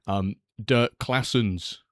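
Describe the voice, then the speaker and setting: A man's voice: on the low side, extremely slow, dry recording, clean studio sound. A man hosting a casual live stream, rambling and reading out viewer messages. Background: faint background music.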